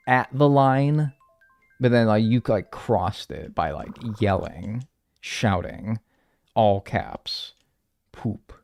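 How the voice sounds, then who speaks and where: A man's voice: fairly low pitch, no room sound. A man streaming a video game, chatting casually with his viewers and ranting in mock seriousness. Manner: talks to chat, mock-serious rants. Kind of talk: casual livestream chat.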